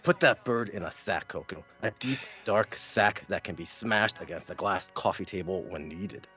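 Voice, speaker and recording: A man's voice: low voice, moderate pace, bright, forceful tone, soft background music. A man playing a brooding wrestler with a pet snake, taunting his rival in a menacing, intense way.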